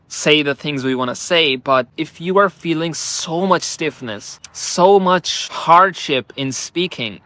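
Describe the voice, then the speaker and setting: Slow, deliberate male speaking coach. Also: on the high side, no echo. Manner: slow, drawn-out, deliberate delivery with emphatic rises; relaxed and conversational, peppered with "like". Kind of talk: talking to camera.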